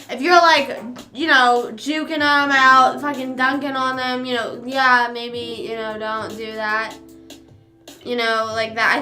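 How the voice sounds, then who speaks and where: A woman's voice: on the high side, sharp tone. Chatty young woman in an echoey room. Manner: rambling and chatty, with frequent fillers. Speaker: streamer. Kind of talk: casual chat. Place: home room. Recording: roomy echo, faint music behind.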